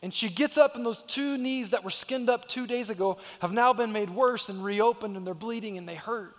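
A man in his thirties preaches to his congregation with a high voice. He tells family stories with emphasis and acts out the voices in them. His words ring out with a long reverb through the church hall. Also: moderate pace. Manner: emphatic storytelling, acts out quotes. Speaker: pastor. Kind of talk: sermon. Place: church sanctuary.

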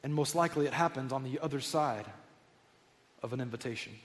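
Earnest preacher in a reverberant church. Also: male voice, mid-range voice, fairly quick. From United States. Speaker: pastor. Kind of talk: sermon. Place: church sanctuary. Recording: long hall reverb.

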